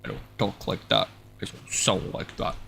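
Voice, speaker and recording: A man voicing a grumpy, offended man from the North Pole, who mutters low in a half-whisper. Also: moderate pace, pushed and bright, faint music behind, close to an everyday voice.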